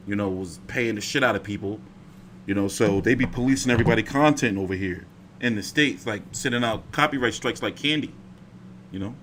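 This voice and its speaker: Animated, profane man chatting about boxing. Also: on the high side, slight background noise. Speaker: boxing commentator. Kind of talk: casual livestream chat.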